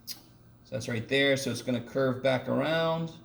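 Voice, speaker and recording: A man's voice: medium pitch, moderate pace, gravelly, fairly bright tone. A man giving a casual, joking math lecture in a classroom, swearing now and then as he works through problems. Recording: echoey classroom from a distance, faint room noise.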